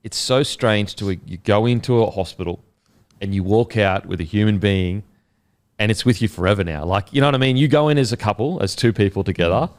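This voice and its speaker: A man's voice: lowish voice, a little fast. A man in his thirties hosting a casual interview, chatty and reflective, calling his guest "mate". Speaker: podcast host.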